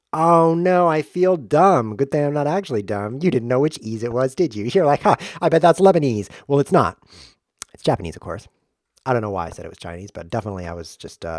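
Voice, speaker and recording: A man hosting a chess stream, joking through playful deadpan tangents and mock lectures while he plays. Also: fairly low pitch, dry recording, clean studio sound. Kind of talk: rambling comedic commentary while playing.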